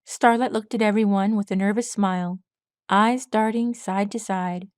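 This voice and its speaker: A woman narrates her own fan fiction as an audiobook, keeping a steady, even storytelling pace. Her voice sits at a middle pitch for a woman. The sound is close and dry, with no room echo. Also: moderate pace. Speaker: audiobook reader.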